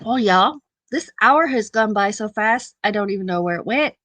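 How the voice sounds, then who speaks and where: A woman's voice: medium pitch, animated, moderate pace, fairly bright tone, no room sound. A middle-aged woman hosting a casual live-stream chat, laughing often and repeating her phrases affectionately.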